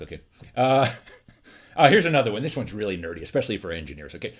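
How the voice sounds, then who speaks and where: A man's voice: on the low side, quick pace, breathy edge. A man hosting a comedy-from-home segment, telling nerdy jokes to camera and laughing at his own punchlines. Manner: animated, laughs at own jokes, many fillers. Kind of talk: casual joke telling to camera.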